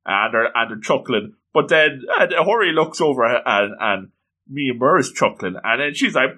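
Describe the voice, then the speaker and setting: A man excitedly recapping an anime episode, often breaking into exclamations. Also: medium pitch, normal speed.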